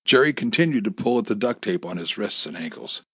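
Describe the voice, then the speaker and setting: Male audiobook narrator, low husky voice, lively delivery, dry close studio sound. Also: fairly quick, no room sound.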